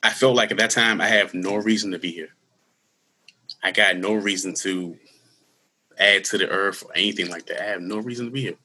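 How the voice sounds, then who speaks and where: Man, thirties, low-ish husky voice, earnest, halting, candid storytelling. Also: steady tone, pushed and bright. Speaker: guest; school security worker. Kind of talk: personal story in a podcast interview.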